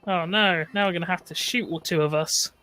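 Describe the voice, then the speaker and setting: A woman's voice: fairly low pitch, fairly quick, sharp tone, faint music behind. A British woman doing casual gaming commentary, dry and sardonic, swearing casually. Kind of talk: casual let's-play chat.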